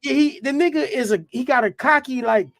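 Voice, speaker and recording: A man guest on a podcast telling animated stories in heavy profane slang. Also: extremely high pitch, fairly quick, vocal fry. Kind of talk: casual storytelling.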